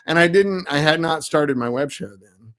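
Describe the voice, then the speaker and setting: A man's voice: fairly high pitch, moderate pace, over loud music. A middle-aged man, an amp builder, chatting casually and rambling with self-mocking asides while hosting his live web show. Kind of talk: casual live-stream chat.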